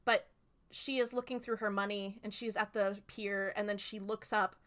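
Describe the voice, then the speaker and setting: A woman's voice: medium pitch, fairly even intonation, normal speed, a bit bright. A woman co-hosting a podcast, casually retelling a story with lots of fillers and the odd swear. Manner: chatty retelling, many fillers, swears freely. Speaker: podcast co-host recapping episodes. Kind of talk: casual chat.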